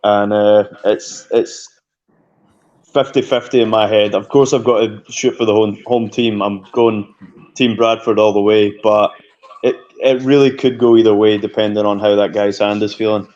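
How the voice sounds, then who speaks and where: A man's voice: lowish voice, steady tone, normal speed, darkish tone, muffled recording. A man calling in to a chat show, hesitant and stammering as he talks. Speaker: caller. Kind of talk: call-in chat.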